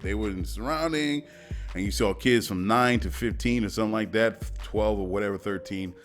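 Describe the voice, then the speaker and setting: A man hosting his own podcast and riffing in loose, slangy, casual commentary. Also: fairly low pitch. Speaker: podcast host.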